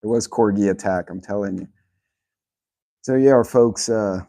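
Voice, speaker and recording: Outdoors in a rental house's yard, a man hosts a relaxed livestream on a phone on speaker, rambling unhurriedly in a low, dark, mellow voice. He chats, calls out to his dogs, and greets viewers by their chat names. The audio is dry and close, with no echo.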